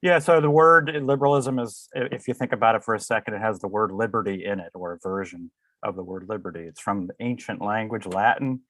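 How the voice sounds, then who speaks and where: A low-voiced man from Connecticut, a professor guest, speaking over a remote link. His answers are measured and lecture-like, with pauses and fillers. The sound is dry, with no room echo. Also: steady tone, fairly bright tone. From Connecticut, USA. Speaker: guest, political science professor. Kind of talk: explanatory interview answers. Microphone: remote video call.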